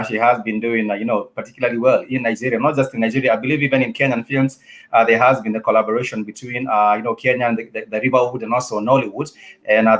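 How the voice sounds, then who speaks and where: A man's voice: medium pitch, fairly bright tone. A man hosting a studio interview show, rambling through questions with many fillers. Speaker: talk show host.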